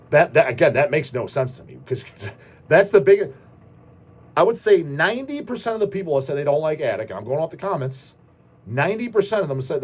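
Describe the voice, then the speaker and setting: A man's voice: medium pitch, a little mellow, breathy edge. A man hosting a show, answering viewer questions in a profane, ranting casual style. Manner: profane, ranting, repeats goddamn. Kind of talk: casual rant.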